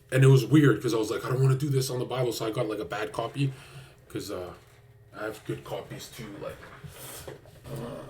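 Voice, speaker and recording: A man's voice: medium pitch, a little hiss or hum. Crude, rambling male streamer. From Canada. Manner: crude, rambling, slangy, lots of "bro". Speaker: live streamer. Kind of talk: casual live-stream chat.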